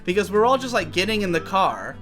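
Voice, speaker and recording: Bright young man rambling on a podcast. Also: high voice, sing-song, a little fast, faint music behind. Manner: rambling, thinking aloud with many restarts. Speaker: podcast co-host. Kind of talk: casual chat while gaming.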